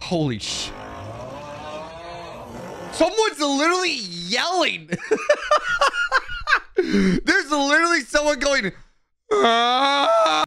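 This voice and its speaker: Excitable young man reacting to memes. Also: high-pitched, slight background noise. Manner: loud, laughs often, swears, talks to chat. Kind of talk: casual reaction commentary.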